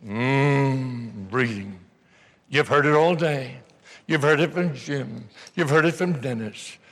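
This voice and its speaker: An older man giving an energetic, joking motivational seminar talk to a live audience in a large hall, bursting into shouts as he tells stories. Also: fairly high pitch, a little slow. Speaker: motivational speaker.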